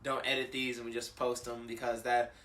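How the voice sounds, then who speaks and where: A man's voice: medium pitch, level tone, a little fast, fairly bright tone. A young man co-hosting a casual podcast, loose and joking, laughing often. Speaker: podcast co-host. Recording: roomy echo.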